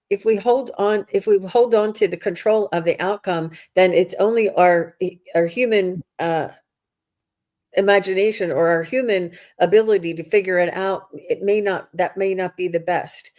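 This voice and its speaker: A woman hosting a casual spiritual conversation, speaking reflectively with frequent pauses and restarts. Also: mid-range voice, steady tone, darkish tone. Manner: reflective, halting with many restarts. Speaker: host.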